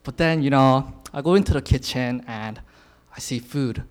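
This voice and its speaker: A man's voice: mid-range voice, normal speed, clear, resonant tone. A man in his twenties giving an informal sermon, casual, with lots of filler words and frequent chuckles. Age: 20s. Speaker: youth speaker sharing a message.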